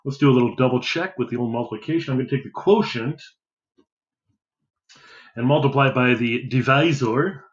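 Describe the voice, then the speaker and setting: A man's voice: mid-range voice, moderate pace, pauses often, reverberant, muffled recording. A man teaching a math lesson, talking casually and thinking aloud as he counts through a division problem. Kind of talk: worked-example math lesson.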